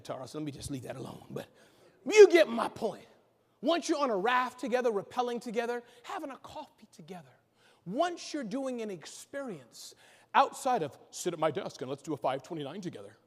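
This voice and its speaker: A man giving an energetic conference keynote, joking and bantering with the audience from the stage. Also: high-pitched, a little fast. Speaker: keynote speaker. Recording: echoey hall reverb.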